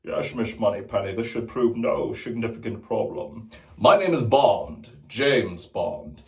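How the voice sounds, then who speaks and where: A man playing a suave male spy, smooth and deliberate. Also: on the low side, expressive, a little mellow, reverberant, voice pushed down.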